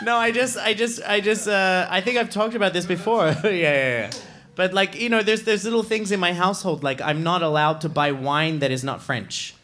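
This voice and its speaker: A man co-hosting a live comedy podcast on stage, telling stories quickly and laughing often. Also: high voice, background noise. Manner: animated, laughing, quick storytelling. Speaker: podcast co-host. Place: stage before a live audience.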